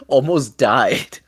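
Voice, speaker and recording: A man co-hosting a casual podcast, telling stories slowly and laughing often. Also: mid-range voice, breathy edge, no room sound, studio quality. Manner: slow storytelling with frequent laughter. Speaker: podcast co-host.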